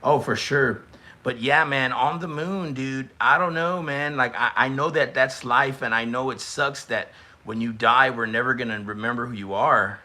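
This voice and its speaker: A young man hosts a live stream and reacts to roasts in chat. His voice is bright and forward. He talks in a loose, teasing way, and now and then he shouts or stretches a word out for effect. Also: medium pitch, normal speed. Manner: excitable, teasing, shouts and stretches words at big moments. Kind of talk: casual live-stream commentary.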